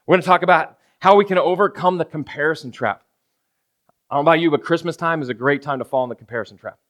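Man, pastor, casual sermon, fairly high voice, asks the room "right?". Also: quick pace, a bit bright. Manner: casual, keeps asking "right?" of the congregation; acts out everyday scenes in quoted voices. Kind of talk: conversational sermon.

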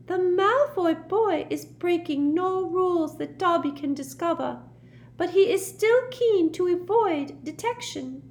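Dobby, a squeaky house-elf, as a woman puts him on. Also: animated, measured pace, full character voice. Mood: earnest. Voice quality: squeaky, high and strained. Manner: formal, calls people sir. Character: squeaky eager male house-elf, small and devoted. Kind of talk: audiobook character voice.

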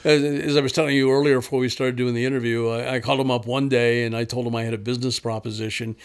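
A man's voice: medium pitch, flat delivery, fast, smooth. A man, a guest on an interview show, chattily telling stories about his prank calls. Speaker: guest, prank caller and author. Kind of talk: casual interview storytelling.

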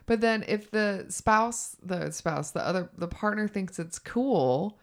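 A woman's voice: medium pitch, expressive, slow pace. A woman co-hosting a casual podcast chat, frank and chatty, who swears casually. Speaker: co-host.

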